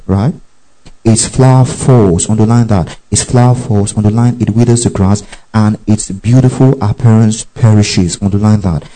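Mellow-voiced man preaching, checking in often. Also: on the low side, poor audio. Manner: keeps checking in with the congregation, repeats verses and calls out "underline that"; reads scripture slowly and deliberately. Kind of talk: sermon with Bible reading.

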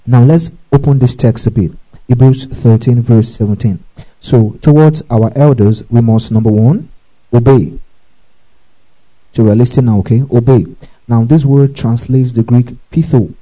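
Male pastor, sermon, very mellow dark voice, repeats key words, keeps saying underline that. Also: mid-range voice, normal speed, rough recording. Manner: repeats phrases and keeps asking "do you get it?"; tells listeners to underline verses. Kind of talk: sermon teaching from scripture.

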